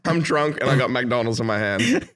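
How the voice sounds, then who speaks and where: A man tells a rowdy story with a bright, forceful voice. He swears freely and talks in a loose, animated way, like he's chatting with friends. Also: mid-range voice, normal speed. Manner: animated, profane anecdote telling. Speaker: guest. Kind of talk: casual storytelling.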